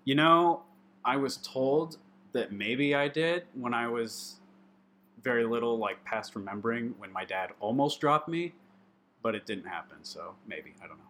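A man chatting as a podcast guest, halting and animated, with lots of fillers and laughter. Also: mid-range voice, a little hiss or hum. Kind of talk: casual chat.

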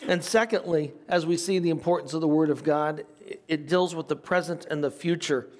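An older man teaches scripture in a relaxed, conversational way. His voice sits a little higher than most men's. He reads passages aloud and then adds informal asides. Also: a little fast. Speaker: pastor teaching a Bible study. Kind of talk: sermon.

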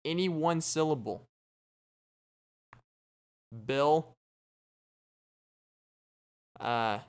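A man hosting a podcast, giving a casual joking monologue in a deadpan way and acting out little imagined conversations. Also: on the high side, drawn-out words, clean tone. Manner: deadpan, joking, acts out quoted exchanges. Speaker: podcast host.

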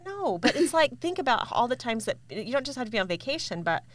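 A woman's voice: a little high, sing-song, fast talker, no echo. A woman co-hosting a podcast, explaining matter-of-factly in casual chat and reading a story aloud. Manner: matter-of-fact explaining, laughs often. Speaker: podcast co-host.

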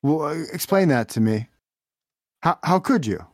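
A man's voice: a little high, animated, moderate pace, no room sound, studio quality. A man making a prank phone call, mock-earnest and pushy, repeating his questions over and over. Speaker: prank caller.

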